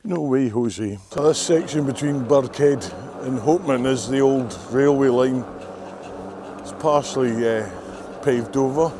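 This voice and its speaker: A man's voice: mid-range voice, measured pace. An older Scottish man, a race sweeper, chatting casually and wryly to camera while cycling a coastal trail outdoors. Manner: chatty, wry and self-mocking. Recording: faint outdoor noise.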